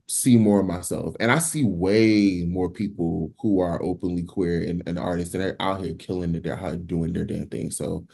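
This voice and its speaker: A man's voice: low voice, creaky, a little mellow. A man from New Jersey, a singer, talking casually and animatedly in an interview, with lots of fillers and restarts. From Newark, New Jersey. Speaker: guest singer.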